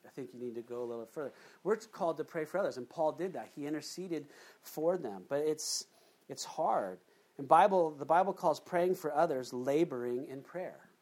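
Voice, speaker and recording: A preacher in the middle of a sermon, talking in a loose, chatty way and throwing questions to the congregation. The voice sits at a middle pitch and leaps up sharply at times for emphasis. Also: expressive, moderate pace, darkish tone. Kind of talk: conversational sermon.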